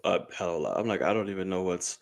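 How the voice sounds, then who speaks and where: Low-voiced man chatting loosely about films. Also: rapid-fire, gravelly. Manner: loose and swearing, animated asides. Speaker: podcast host. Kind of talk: casual live-stream movie chat.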